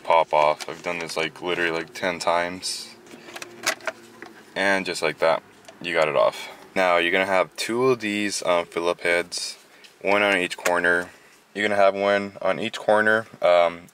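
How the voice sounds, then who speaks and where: Low-voiced winded man, casual how-to. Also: measured pace, a little hiss or hum. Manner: relaxed, filler-heavy, chatty. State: out of breath. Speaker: car channel host.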